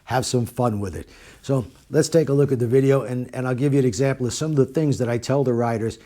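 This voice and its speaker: Middle-aged male riding instructor, casual and direct, leans on repetition, dark relaxed tone. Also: mid-range voice, quick pace. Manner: plain-spoken, repeats points for emphasis. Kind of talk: casual talk to camera.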